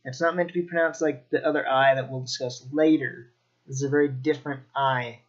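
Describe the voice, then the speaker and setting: A man teaching Mandarin pronunciation in a slow, demonstrative way, repeating each sound. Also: mid-range voice, steady tone, dull audio. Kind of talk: pronunciation lesson.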